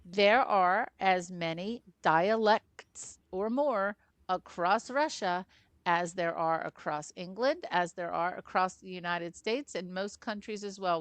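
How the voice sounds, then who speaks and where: A woman's voice: on the low side, measured pace, no echo. A woman co-hosting a film podcast, giving her opinions in long explanations during a casual chat.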